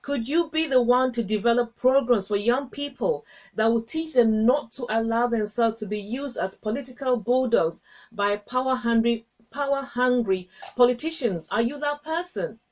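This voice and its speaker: On a casual Christian livestream, a woman with a high voice talks at normal speed, reading comments from viewers and chatting with them. She comes across as warm, laughs a lot and says things more than once. The mic is a wired webcam or phone.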